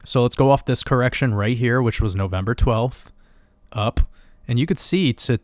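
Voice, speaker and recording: A man giving a casual, rambling crypto chart analysis, getting excited and swearing now and then. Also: medium pitch, moderate pace, dry recording. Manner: excitable, rambling, swears, laughs at own numbers.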